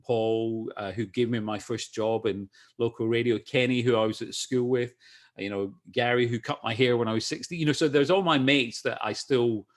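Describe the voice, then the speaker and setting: A middle-aged man with a Scottish accent talks in a relaxed, chatty way. He restarts his sentences often and laughs easily, and his pitch sits in the middle for a man. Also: normal speed. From Scotland. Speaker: guest. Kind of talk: casual video-call interview.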